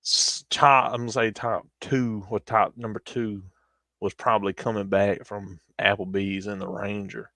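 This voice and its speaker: A man's voice: fairly low pitch, flat delivery, moderate pace, vocal fry, pushed and bright, no room sound. A young man, rambling through stories in casual chat on a stream. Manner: rambling storytelling with frequent laughter.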